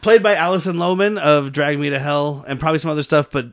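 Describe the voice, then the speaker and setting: A man with a voice a bit higher than most rambles through a casual podcast chat. He swears freely and keeps breaking into laughter. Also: steady tone, fast, crowd noise. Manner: rambling, profane, laughs often. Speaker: podcast co-host reviewing a bad movie.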